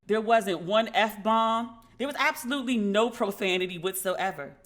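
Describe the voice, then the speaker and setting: A woman hosting a podcast, telling stories in a casual, animated way and acting out the dialogue she quotes. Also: medium pitch, moderate pace. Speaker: podcast host. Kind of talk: casual commentary.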